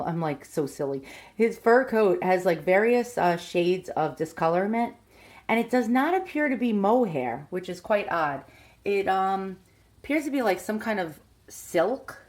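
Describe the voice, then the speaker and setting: A woman with a New York accent talks in a casual, rambling way, full of "like" and "um". Her voice sits a little low. She films herself on a handheld phone, first outdoors and then at home. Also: a little mellow. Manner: chatty, hesitant, many fillers. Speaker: collector showing a teddy bear. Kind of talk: casual show-and-tell vlog.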